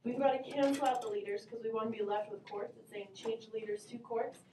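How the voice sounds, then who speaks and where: A woman's voice: a little high, steady tone, fairly quick, warm tone. A woman math teacher leading a classroom lesson, upbeat, quizzing the class and calling on students, recorded from across the room. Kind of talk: classroom instruction. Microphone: distant camera mic. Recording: roomy classroom, voice from far off, faint hum.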